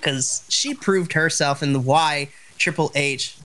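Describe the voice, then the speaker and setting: A man co-hosting a wrestling podcast in casual chat, passionate and excitable, tripping over his words when worked up. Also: a little high, unhurried. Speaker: podcast co-host.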